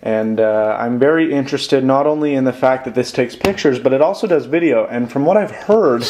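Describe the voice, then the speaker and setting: A young man hosting a casual unboxing vlog, chatty and excited, rambling and correcting himself as he goes. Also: mid-range voice, fairly quick, a little hiss or hum. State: out of breath. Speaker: tech YouTuber.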